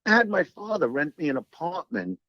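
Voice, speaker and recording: A man, a comedian telling profane, animated stories as an interview guest. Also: high-pitched, a little fast, dry recording, dull audio. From Brooklyn, New York. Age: 60s. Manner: animated, profane, acts out quoted dialogue. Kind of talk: storytelling in an interview.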